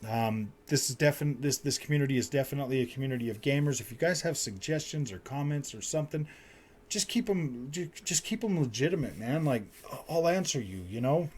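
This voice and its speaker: A man with a medium-pitched, husky, somewhat dark voice talks animatedly and a bit fast. He runs a gaming and tech channel and is ranting to his viewers in frustration, repeating himself and saying "man" and "dude" constantly.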